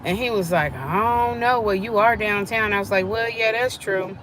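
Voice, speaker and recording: A woman's voice: mid-range voice, normal speed, a little hiss or hum. A middle-aged woman, chatting with viewers during a live stream and acting out the voices in her story. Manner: animated, acts out quoted voices.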